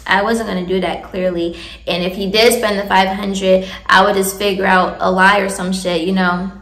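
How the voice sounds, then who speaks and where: A woman's voice: mid-range voice, level tone, moderate pace, a bit bright, echoey room. A young woman in a casual, candid advice chat, chatty and laughing often. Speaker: vlogger giving advice.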